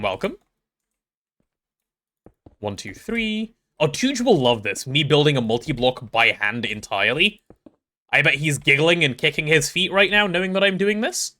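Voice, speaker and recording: A man streams a game from his home setup, rambling through his build and greeting viewers in chat. His voice is bright and a little high, and his pitch swings widely as he talks. He restarts his sentences often and keeps an easy, chatty flow. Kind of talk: casual live-stream chat while playing.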